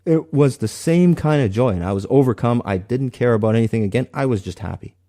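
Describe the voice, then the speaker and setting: A man sharing a personal faith testimony in an earnest, halting way, often restarting his sentences. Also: medium pitch, expressive, dark tone.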